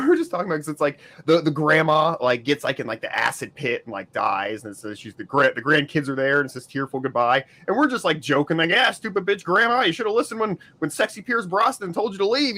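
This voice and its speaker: A man co-hosting a podcast in casual chat, excitable and bursting into big laughs. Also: medium pitch. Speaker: podcast co-host.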